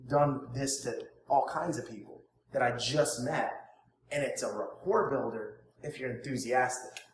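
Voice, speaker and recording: Energetic male sales coach, echoey room. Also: fairly high pitch, a little hiss or hum. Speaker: network marketing trainer. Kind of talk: coaching students, informal training. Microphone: phone. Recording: echoey room, faint ambience, phone recording.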